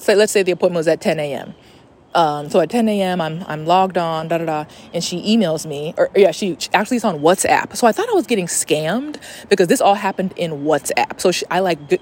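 A woman's voice: fairly low pitch, darkish tone, a little hiss or hum. A young woman hosting a podcast in a casual, rambling, profane chat, recorded on a phone voice memo. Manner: chatty, profane, rambling with fillers. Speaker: podcast host.

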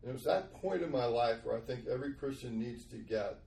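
A man's voice: mid-range voice, animated, fairly quick, creaky, dark tone, echoey room, far from the mic. Earnest man telling a faith story. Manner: earnest storytelling, acts out quoted voices. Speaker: Christian speaker sharing testimony. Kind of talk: conversational podcast testimony.

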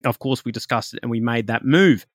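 A man's voice: medium pitch, a little fast, fairly bright tone, dry recording, clean studio sound. A man, hosting a podcast and telling a personal story in a chatty, rambling way full of fillers and restarts. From Australia. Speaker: podcast host and spiritual reader.

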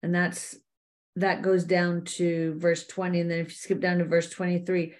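A middle-aged woman giving a faith-based leadership talk to women, earnest and animated, speaking to her listeners directly as ladies. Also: lowish voice, moderate pace. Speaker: business coach teaching women.

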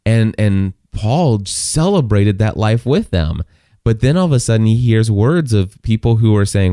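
A man's voice: lowish voice, animated, normal speed, warm tone, dry recording, clean studio sound. A man preaching a sermon in a casual, conversational way, with many restarts and bursts of passionate emphasis. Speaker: pastor.

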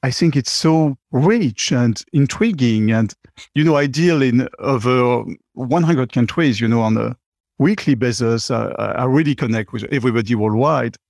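A man's voice: mid-range voice, normal speed, a little mellow, no echo. Middle-aged guy, rambly interview guest, dry sound. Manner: chatty, many "you know" fillers. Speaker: guest, company CEO. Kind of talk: conversational interview.

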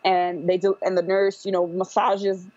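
A woman on a podcast tells her own story casually, rambling with fillers and restarts. Her voice is fairly low and a little mellow, delivered flatly at a moderate pace with no echo, and the audio is dull and dry.

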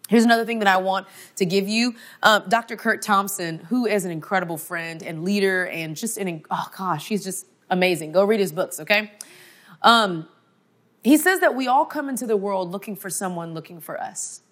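A woman speaking to an audience in an emphatic, conversational motivational faith talk. She often checks in with "okay?" and drops her voice softly on key points. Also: medium pitch, moderate pace. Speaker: conference speaker.

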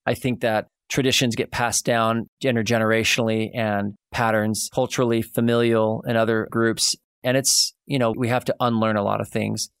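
A podcast host with a fairly low voice, recorded dry and close. He muses over his guest's points in an easy, affirming way. He speaks in a relaxed, conversational style. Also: normal speed, few pauses, clean tone, no room sound. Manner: reflective, affirming, chuckles along. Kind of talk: casual interview chat.

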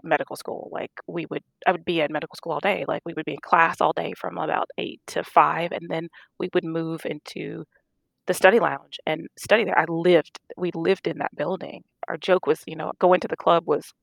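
Gravelly-voiced woman telling stories. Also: low-pitched, moderate pace, no room sound. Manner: animated, acts out quoted dialogue with laughs. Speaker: guest, physician. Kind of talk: casual storytelling interview.

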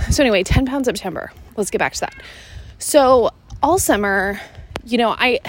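A woman's voice: on the high side, slight background noise. A woman from Seattle records her podcast while out on an evening walk, a little short of breath as she goes. She chats casually and rambles, dropping "like" into almost every thought. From Seattle, Washington, USA. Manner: chatty, rambling, many "like" fillers. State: slightly out of breath. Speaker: podcast host and fitness coach. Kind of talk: casual solo podcast chat.

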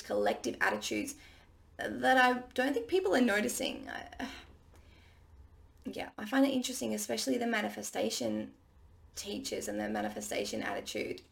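A woman business coach with a husky morning voice, talking to listeners in a chatty, encouraging way. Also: mid-range voice. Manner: chatty and encouraging, with frequent restarts. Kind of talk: casual solo podcast talk.

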